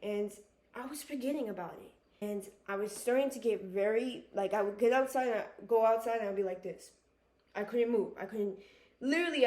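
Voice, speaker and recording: A woman's voice: fairly high pitch, a little mellow, echoey room. A young woman vlogger talking earnestly and emotionally about her own struggles, with many restarts and fillers. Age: young adult. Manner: emotional, earnest, repeats herself, frequent "like" and restarts. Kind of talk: personal confessional talk to camera.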